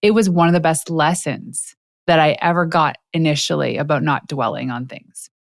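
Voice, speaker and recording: A woman hosting a podcast interview, telling lively personal stories and laughing often. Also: sits low, moderate pace, gravelly, dry recording, clean studio sound. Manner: animated storyteller, laughs often. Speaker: podcast host. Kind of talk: casual interview chat.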